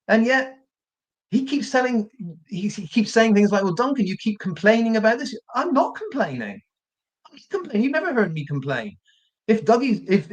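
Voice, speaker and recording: Combative man ranting, lively pitch. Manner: combative, indignant, repeats himself. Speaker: true crime channel host. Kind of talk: live stream rant.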